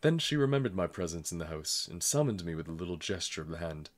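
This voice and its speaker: A man reading a novel aloud in calm, measured narration. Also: low voice. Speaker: audiobook reader. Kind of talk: scripted narration.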